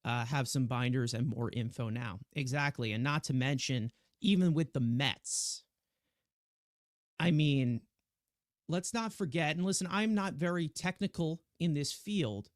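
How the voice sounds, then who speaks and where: A man co-hosting a casual sports podcast, animated and rambling with many restarts. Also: a little high, unhurried, no room sound, studio quality. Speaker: podcast co-host.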